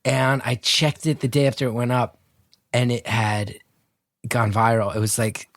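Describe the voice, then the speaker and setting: A man from North Jersey tells a story in an animated, self-deprecating way, with plenty of profanity. His voice sits at an everyday male pitch. The video-call sound is close and dry, with no room around it. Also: moderate pace, no echo. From North Jersey, United States. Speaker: guest storyteller. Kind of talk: casual anecdote told on a video call.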